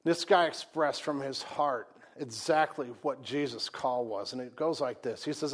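A man preaching a sermon in a conversational way, swinging from loud emphatic lines to quiet, hushed asides. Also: mid-range voice, normal speed, few pauses. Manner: conversational, repeats words and restarts. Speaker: pastor.

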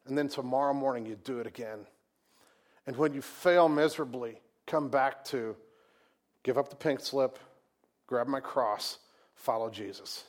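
Male pastor, mid-pitched, conversational preacher with loud, emphatic peaks and hushed drops. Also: unhurried, pauses often. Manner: conversational, repeats words and restarts. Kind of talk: sermon.

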